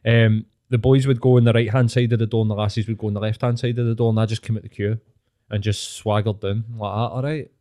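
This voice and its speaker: A man's voice: fairly low pitch, level tone, quick pace, mellow, smooth. Sweary Scottish man in podcast banter. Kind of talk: casual chat.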